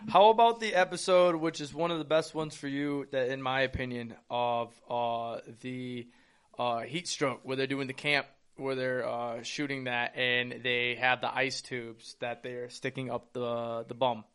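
A man's voice: medium pitch, little pitch movement, a little slow, fairly bright tone, smooth. Enthusiastic man hosting a podcast. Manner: enthusiastic, trails off and restarts. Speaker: podcast host. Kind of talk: casual podcast interview.

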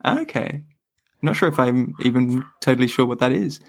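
A man as a podcast guest, explaining his views thoughtfully with pauses and restarts. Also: mid-range voice, lively intonation, vocal fry. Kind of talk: casual interview chat.

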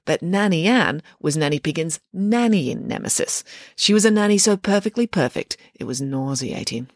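A woman reading a children's storybook aloud with expressive, lively storytelling. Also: on the low side, moderate pace, no room sound, studio quality. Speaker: narrator.

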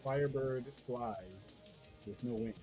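A man's voice: medium pitch, fairly even intonation, unhurried, over music. A man co-hosting a podcast in casual chat, joking bluntly with mock indignation. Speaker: podcast co-host.

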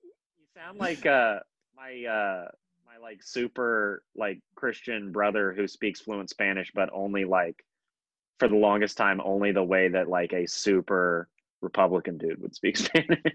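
A man's voice: on the low side, steady tone, a little slow, a bit bright, no echo, lo-fi sound. A young man co-hosting a casual podcast chat, rambling with many fillers and restarts. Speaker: podcast co-host.

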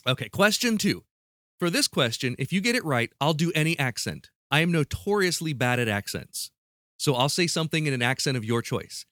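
A man's voice: fairly high pitch, very animated, brisk, a bit bright, no echo, studio quality. A man hosting a casual podcast quiz, playful and prone to restarting mid-sentence. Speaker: podcast host running a quiz.

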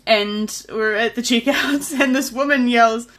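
A woman's voice: on the high side, measured pace, a bit bright. A woman with a New Zealand accent hosting a podcast, chatty and self-deprecating, laughing often. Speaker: podcast host. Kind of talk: casual chat.

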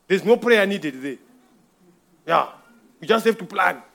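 A man's voice: high voice, animated, unhurried, gravelly, a bit bright. A man giving an informal church testimony, telling a rambling story with frequent chuckles.

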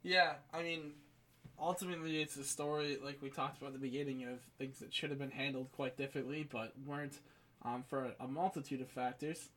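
A man co-hosting a podcast in casual, easygoing chat, quick to joke. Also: mid-range voice, fairly even intonation, fairly bright tone, low-quality recording. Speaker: podcast co-host.

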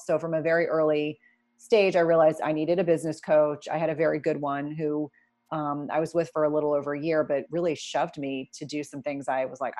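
A middle-aged woman speaks with a notably low pitch as an interview guest. She tells her story candidly and with animation, often restarting her sentences and adding asides. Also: darkish tone. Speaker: guest, nurse practitioner turned entrepreneur.

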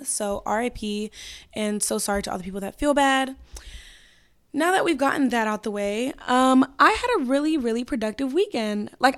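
A young woman with a slightly high voice and a hoarse, fading throat hosts her podcast alone. She talks in a chatty, candid way, full of slang. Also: fairly bright tone. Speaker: podcast host. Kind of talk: casual solo podcast chat.

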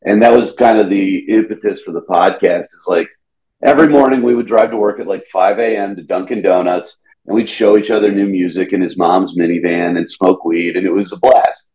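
A man's voice: low-pitched, steady tone, fairly quick. A young man from Georgia, a comedian, chatting loosely on a podcast and saying "dude" a lot. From Atlanta, Georgia. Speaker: comedian guest. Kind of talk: casual podcast chat. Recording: dull lo-fi sound.

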